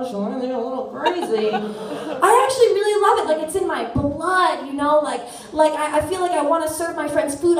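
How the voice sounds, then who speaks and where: A woman in her thirties telling a story on a theater stage, animated and self-mocking. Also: sits high, distant mic. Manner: animated, self-mocking, quick shifts into voices. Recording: echoey theater, voice from afar.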